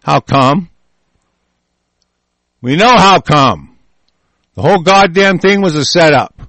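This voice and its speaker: A man delivers an angry, profane monologue, swearing constantly, erupting into shouted outbursts and stumbling over restarts. His voice is fairly high-pitched and expressive, he speaks slowly, and there's no echo.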